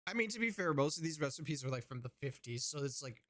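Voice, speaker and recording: A man's voice: a little high, animated, quick pace, a bit bright. A man streaming and chatting casually with his viewers, easygoing and rambling.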